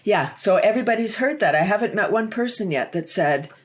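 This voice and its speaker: A woman's voice: mid-range voice, animated, a little fast, husky. A woman guest in a casual interview, talking about laughter yoga with lots of laughs and acted-out quotes. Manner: enthusiastic, laughs often, acts out quotes.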